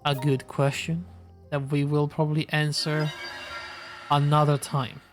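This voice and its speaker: A man's voice: a little high, flat delivery, a little slow, faint music behind. A man giving live gameplay commentary as a streamer, sarcastic and swearing casually.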